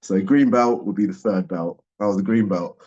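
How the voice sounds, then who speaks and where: A man around forty, a guest speaker telling a personal story in a lively way and acting out what people said. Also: sits low, normal speed, breathy edge. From England. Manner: lively storyteller, acts out the dialogue. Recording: dull, muffled audio.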